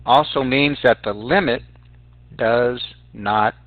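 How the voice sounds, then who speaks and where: A man's voice: mid-range voice, slow, no room sound. A male math teacher walking students through sequences step by step on a calculator, talking to them directly as "guys". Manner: explains calculator steps aloud, addresses students as guys. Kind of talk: recorded math lesson. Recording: dry, tinny phone-like sound.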